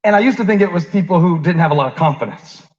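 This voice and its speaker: High-voiced preacher, dull recording. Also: male voice, expressive, rapid-fire, a little mellow. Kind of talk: conversational sermon. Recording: dull lo-fi sound.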